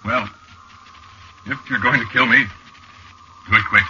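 A man playing a frightened but defiant captive who shouts back at his captors, in 1940s radio acting. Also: medium pitch, steady tone, slow, lo-fi sound, heavy background noise, voice pushed up, close to an everyday voice. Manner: shouting, agitated.

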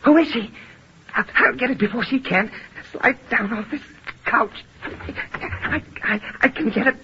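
A man's voice: very high voice, measured pace, pushed and bright, slight background noise, exaggerated voice. An actor playing a starving, weakened man muttering to himself in a 1940s radio play, on a dull old broadcast recording. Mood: desperate. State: weak with hunger. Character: starving weak man, greedy for bread.

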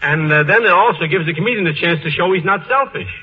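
A man's voice: high-pitched, quick pace, slight background noise. Joking man on an old radio panel. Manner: joking, easygoing. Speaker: comedy writer on a panel. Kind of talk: 1940s radio panel chat. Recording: muffled old radio broadcast.

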